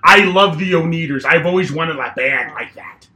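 A man's voice: on the high side, moderate pace. A man putting on a smug, crude character named Bert for an improvised podcast comedy bit, with a gleeful, boastful manner. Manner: gleeful, boastful, deadpan absurd. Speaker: podcast co-host.

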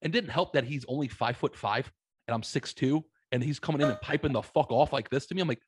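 A man's voice: mid-range voice, animated, fast talker, husky. A man telling rambling, profanity-laced anecdotes as a guest in a casual chat. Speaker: podcast guest. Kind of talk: casual storytelling.

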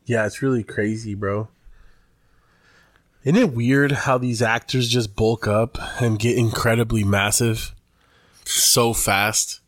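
A man's voice: medium pitch, steady tone, takes it slowly, pauses often, dry recording, clean studio sound. A man co-hosting a podcast in laid-back, slangy casual chat, swearing freely. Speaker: podcast co-host.

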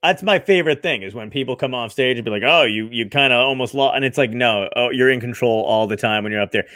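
A man hosting a casual chat with a comedian, laughing often and chiming in with quick, profane agreement. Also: medium pitch, sharp tone, no room sound, clean studio sound.

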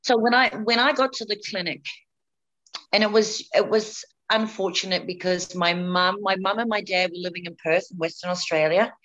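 A woman's voice: mid-range voice, normal speed, fairly bright tone. A woman tells her own story to an interviewer. She speaks frankly and often restarts her phrases. Her voice sits in an ordinary middle register, and the recording sounds a little dull and lo-fi. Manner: frank and candid, repeats words as she goes. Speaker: interview guest, breast cancer survivor. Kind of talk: personal storytelling in conversation.

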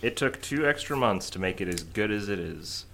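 A man co-hosting a podcast in casual chat, with a dry, sarcastic, mock-deadpan delivery. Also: lowish voice, moderate pace, creaky, slight background noise. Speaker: podcast co-host.

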